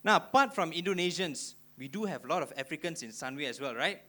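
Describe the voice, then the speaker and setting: Bright young Malaysian comedian on stage. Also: male voice, a little high, fast talker. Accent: Malaysian English. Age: young adult. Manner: animated, punchy storytelling. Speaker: stand-up comedian. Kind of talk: stand-up comedy routine. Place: auditorium stage before a live audience.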